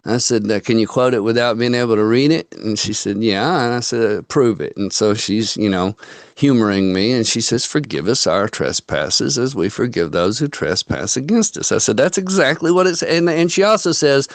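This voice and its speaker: Folksy male host, mid-pitched, close dry sound, loose storytelling chat. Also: animated, normal speed, no room sound. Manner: folksy storyteller, quotes people in dialogue. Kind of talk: casual online chat.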